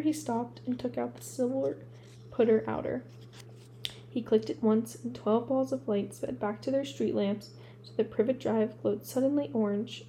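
A woman reads a storybook aloud in a steady, unhurried way, sometimes stopping to restart a word. Her voice sits a touch high, with a mellow warmth and a gravelly texture, and a faint hum runs behind her. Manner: steady reading with occasional restarts. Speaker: audiobook reader.

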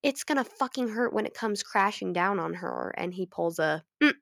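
A young adult woman recapping a story in casual chat, animated and profane, with many laughs. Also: mid-range voice, moderate pace, vocal fry, dry recording, clean studio sound. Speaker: fan fiction recapper.

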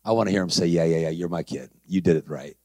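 This deep-voiced preacher talks fast, his tone a little mellow and the recording free of echo. Delivering his sermon, he voices the characters in his story and calls out to the crowd.

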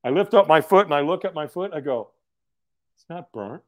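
A man as a podcast guest, telling a story in a casual, animated way, acting out other people's lines, laughing often and swearing now and then. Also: on the high side, fast.

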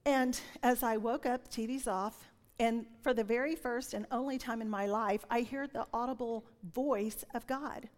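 A woman in her sixties delivers a sermon full of personal testimony, a slightly high voice, animated, dipping into whispers. Her words ring out with the long reverb of a big church hall. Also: moderate pace. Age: 60s. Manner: animated storytelling, drops to whispers when quoting. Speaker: preacher.

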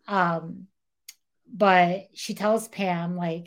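Young female podcast host, casual, lower pitch, animated retelling with acted quotes. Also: measured pace. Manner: animated, acts out quotes in dialogue, says "like" a lot. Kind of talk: casual true-crime storytelling.

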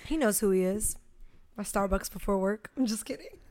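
A woman's voice: medium pitch, moderate pace, darkish tone. A young woman co-hosting a podcast, talking in a blunt, profane and jokey way. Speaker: podcast co-host. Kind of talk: casual chat.

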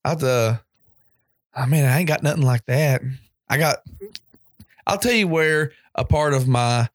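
A man's voice: a little high, measured pace, dry recording, clean studio sound. Joking man. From eastern Kentucky. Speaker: podcast co-host. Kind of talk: casual banter.

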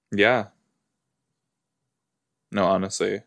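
A man's voice: on the low side, vocal fry. A man hosting a reaction video, chatting casually and exclaiming and asking questions at the screen as he watches.

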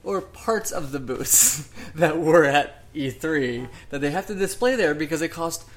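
A man's voice: a little high, lively intonation, measured pace. A man hosting a podcast in casual chat at a friend's house, rambling with frequent restarts and swearing freely. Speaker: podcast host.

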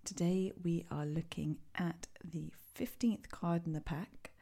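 A woman hosting a casual podcast chat, her voice low-set and gravelly with a dark, husky edge. She reads her welcome from a script, then talks plainly with her guests. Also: fairly even intonation, unhurried. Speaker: podcast host and founder.

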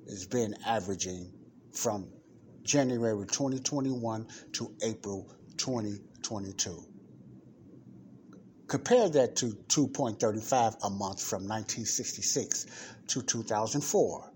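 This church podcast host has a medium-pitched, expressive voice with a darkish tone, and he speaks a little slowly over faint hiss or hum. Addressing his audience directly, he reads out a report, comments on it, repeats numbers to stress them, and asks rhetorical questions.

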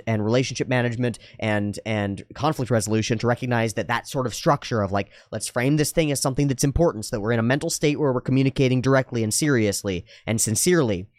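A man's voice: medium pitch, no room sound, studio quality. A man hosting his channel in a casual, reflective monologue, earnest and rambling, correcting himself as he goes. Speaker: channel host.

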